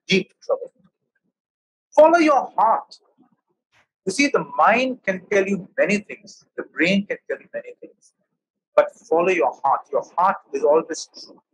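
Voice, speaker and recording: Indian English man, professor, motivational talk, high lively voice, husky. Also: poor audio. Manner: emphatic, storytelling.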